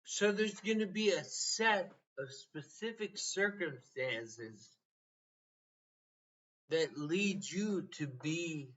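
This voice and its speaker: A man's voice: fairly high pitch, animated, takes it slowly, far from the mic, lo-fi sound. A man giving a blunt, profane motivational rant, sounding exasperated. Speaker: motivational speaker.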